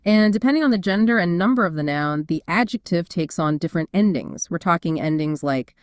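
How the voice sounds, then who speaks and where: A woman's voice: fairly low pitch, lively intonation, a little fast, clear, resonant tone, no echo, clean studio sound. A woman co-hosting a casual explainer chat, upbeat and explanatory, with frequent fillers. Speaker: co-host.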